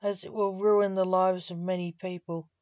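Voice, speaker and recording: A woman's voice: fairly low pitch, little pitch movement, moderate pace, a little mellow, no room sound, close to an everyday voice. Woman reading meddling male time lord. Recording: dull, dry lo-fi audio.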